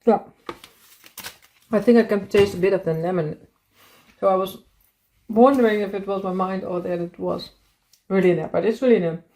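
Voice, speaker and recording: Woman, cooking vlog, casual chat, thinking aloud, warm mellow tone, home kitchen. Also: mid-range voice, fairly even intonation, moderate pace, pauses often. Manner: chatty, thinking aloud while tasting. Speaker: cooking vlogger.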